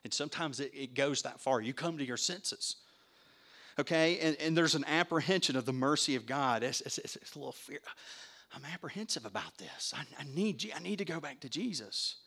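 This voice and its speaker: A pastor preaches an interactive sermon in a conversational manner, his voice on the high side, expressive, fairly quick, pushed and bright. He asks his listeners questions and repeats words as he begins sentences.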